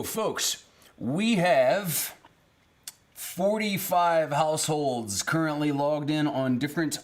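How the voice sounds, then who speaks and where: Slow-talking, easygoing male stream host. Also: on the high side. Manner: easygoing, greets chatters by name, chuckles at himself. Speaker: livestream music show host. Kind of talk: casual live-stream chat with viewers. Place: small cabin room, indoors. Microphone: streaming camera setup at home.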